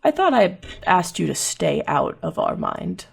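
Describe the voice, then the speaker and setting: A woman voicing an angel that speaks in a deep, booming voice inside a character's head, slow, low and hushed. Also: very animated, vocal fry, husky, heavily acted. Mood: ominous.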